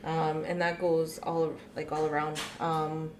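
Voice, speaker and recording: A woman talking earnestly about household rules for children, in a measured way with frequent "um"s. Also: low-pitched, monotone, noisy background. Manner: measured, earnest, uses many fillers. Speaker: family show co-host, mother. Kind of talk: casual family chat.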